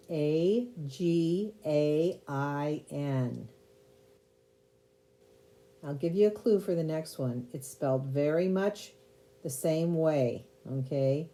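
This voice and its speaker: A woman's voice: low voice, dark tone. A woman teacher giving a spelling lesson, patiently sounding out words and spelling them letter by letter.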